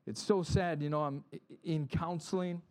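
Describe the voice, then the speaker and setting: A man's voice: fairly high pitch, normal speed. A middle-aged man, a pastor, giving a conversational sermon and acting out the people in his stories. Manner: animated storytelling, acts out quotes.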